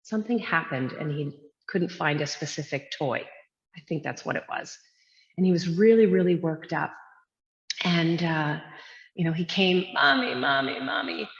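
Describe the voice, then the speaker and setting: A woman's voice: low-pitched, normal speed. A woman in her thirties, a yoga teacher, talking earnestly and reflectively in an interview from her studio, with many fillers. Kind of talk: casual interview talk. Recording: dull lo-fi sound with long echoey reverb.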